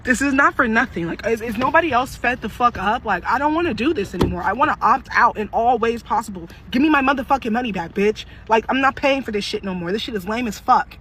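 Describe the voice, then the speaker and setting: A woman's voice: fairly high pitch, animated, fairly bright tone. Woman, 20s, social worker; angry fed-up rant, heavy swearing, faint car noise behind. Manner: furious, swearing heavily, rapid rhetorical questions. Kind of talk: angry venting monologue.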